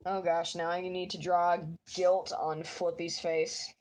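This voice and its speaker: A woman's voice: lowish voice, flat delivery, slow, a little mellow. A woman with a stuffy nose, chatting casually with live viewers while she draws, giggly and poking fun at herself. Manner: giggly and self-mocking. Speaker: artist streaming while drawing.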